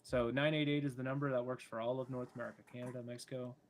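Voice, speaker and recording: A man's voice: mid-range voice, level tone, racing. A man co-hosting a casual online news chat over a remote call, questioning and earnest. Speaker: podcast co-host.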